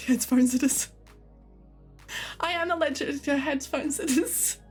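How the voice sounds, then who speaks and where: An Australian woman from Queensland streams with a high-pitched, slightly slow voice. She chats casually and giggles while reading and replying to her live chat, with soft music in the background.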